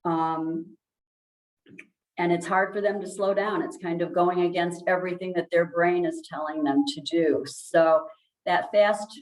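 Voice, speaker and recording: A woman speech language pathologist giving a calm, explanatory presentation, with many ums and restarts. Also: fairly low pitch, measured pace, echoey room, poor audio. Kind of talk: informal presentation.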